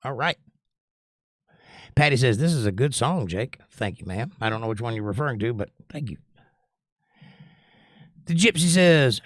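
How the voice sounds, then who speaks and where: A man's voice: mid-range voice, moderate pace, pauses often, no room sound, studio quality. An older man hosting a music livestream, reading viewers' comments aloud in a casual, joking way. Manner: animated, reads chat aloud and jokes.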